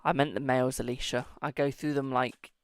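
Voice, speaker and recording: A man's voice: mid-range voice, fairly even intonation, moderate pace, clean tone. A British man hosting a live-stream tarot reading, chatty and affectionate, calling viewers darling and boo.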